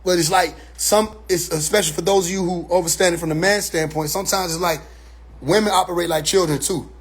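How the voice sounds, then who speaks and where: Male commentator with a high voice, loose and blunt, keeps looping back to check you follow. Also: steady tone, quick pace. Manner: rambling, repeats "you see what I'm saying"; blunt, profane street talk. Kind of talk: casual monologue commentary.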